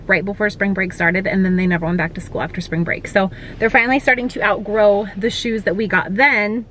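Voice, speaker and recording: A woman's voice: mid-range voice, fairly bright tone, a little hiss or hum. A woman in her thirties chatting casually to a handheld phone camera from a parked car, rambling through her day's plans. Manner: chatty and rambling, thinking aloud about plans. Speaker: family vlogger.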